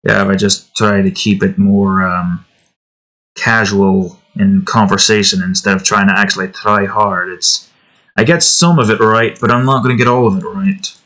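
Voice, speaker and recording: Bright-voiced man chatting while he draws. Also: lowish voice, fairly even intonation, moderate pace. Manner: rambling, offhand, self-deprecating. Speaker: artist and channel host. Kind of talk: casual chat while drawing.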